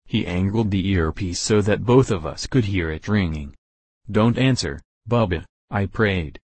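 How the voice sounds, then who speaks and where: A man narrating a first-person audiobook in a measured, steady way. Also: sits low, slightly rough, no room sound.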